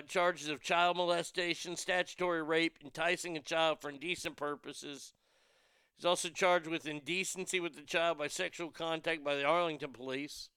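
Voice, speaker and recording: Profane, gravelly-voiced male podcast host. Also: a little high, sharp tone, no room sound, clean studio sound. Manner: profane, outraged and mocking. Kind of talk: crude comedic news rant.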